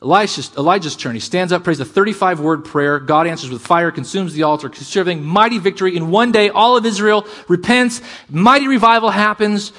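A middle-aged man preaching a sermon as pastor, animated and shifting between loud emphasis and quiet asides. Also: sits high, a little fast, few pauses.

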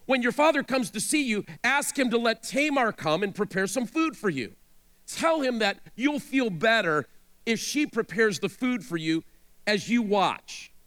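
A man's voice: high voice, fairly bright tone. A man reading the part of a crafty young male cousin, speaking slyly and persuasively.

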